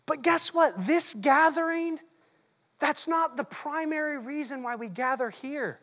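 A preacher delivering an animated, teasing sermon that swings between quiet asides and shouted bursts, recorded in a large hall. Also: high voice, measured pace. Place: large hall with long reverb. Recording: long hall reverb.

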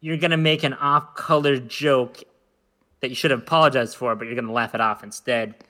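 A man's voice: medium pitch, steady tone, brisk, sharp tone. A man co-hosting a casual podcast chat, rambling and joking playfully. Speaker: podcast co-host.

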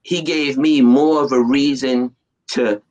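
A man's voice: mid-range voice, slow, highs cut off. A man, a comedian guest, telling stories in casual chat with street slang. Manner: animated storyteller, street slang.

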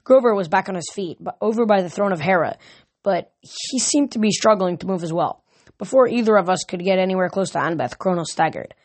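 A woman's voice: medium pitch, lively intonation, a little fast, darkish tone. Woman reading a novel aloud. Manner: reads with small slips and restarts. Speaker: audiobook reader.

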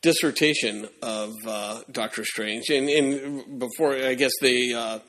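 A man of middle pitch hosts a casual podcast chat. He keeps things moving briskly, wrapping up topics and leading into the next. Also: steady tone, a bit bright, rough recording.

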